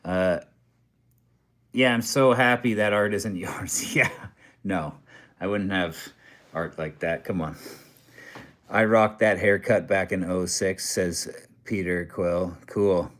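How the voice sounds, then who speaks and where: A man's voice: sits low, fairly even intonation, slow, long pauses, a bit bright. A young Canadian man hosting a true crime comedy channel, chatting loosely from a hotel room and reading viewer comments with lots of fillers. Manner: loose, self-deprecating, rambling with many fillers. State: tired. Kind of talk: casual livestream chat reading viewer comments.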